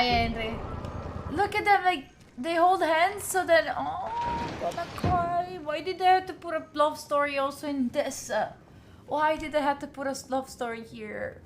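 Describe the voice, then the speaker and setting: A woman's voice: very high voice, noisy background. A young woman with an Italian accent, a native Italian speaker, chatting casually through a game stream and talking to the characters on screen. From Italy. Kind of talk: casual gaming stream commentary.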